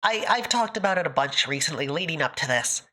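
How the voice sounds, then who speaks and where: A woman's voice: deep voice, expressive, brisk, sharp tone. A woman streamer chatting with her live audience, emotional and close to tears, laughing often between thank-yous. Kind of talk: casual live-stream chat.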